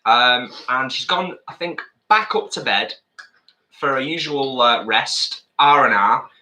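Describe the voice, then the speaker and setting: A man's voice: mid-range voice, animated, a little slow, sharp tone, reverberant. A man co-hosting a live stream, chatting over a meal and reading viewer comments aloud. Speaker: co-host reading chat. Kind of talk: casual live-stream chat while eating.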